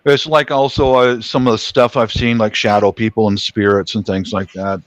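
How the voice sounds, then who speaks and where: A man on a talk panel telling a personal story in casual chat, retelling events with animated energy. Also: lowish voice, moderate pace, highs cut off, slight background noise.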